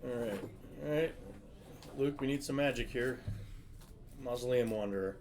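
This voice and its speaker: Excitable male game commentator. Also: medium pitch, background noise. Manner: excitable, quick reactions to each play. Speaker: play-by-play commentator. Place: card shop.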